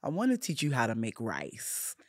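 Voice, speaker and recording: A woman's voice: a bass voice, wildly swooping pitch, normal speed, no room sound, clean studio sound. A middle-aged woman, the guest and older sister, talking in a casual podcast conversation, earnest and emotional, drawing out her phrases.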